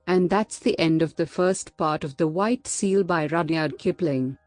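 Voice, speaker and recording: Calm woman reading a storybook. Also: deep voice, unhurried, few pauses, no room sound, soft background music.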